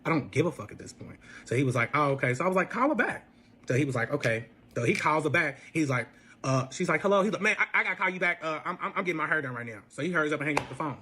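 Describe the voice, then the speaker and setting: A man retelling a messy relationship story in casual speech, animated and profane, acting out every quote. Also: fairly high pitch, rapid-fire, breathy edge. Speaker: storyteller guest.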